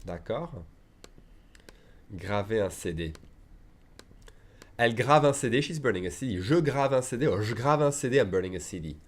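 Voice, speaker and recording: A man teaching a French lesson, slowly modeling French phrases, adding chatty asides, and checking in with "okay?" after each point. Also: mid-range voice, animated. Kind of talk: online language lesson.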